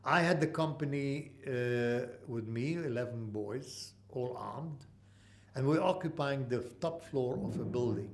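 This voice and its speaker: A man in his eighties from Mandatory Palestine, telling an oral history in halting speech with many pauses. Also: mid-range voice, darkish tone. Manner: halting, with frequent uh pauses and restarts. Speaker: interviewee.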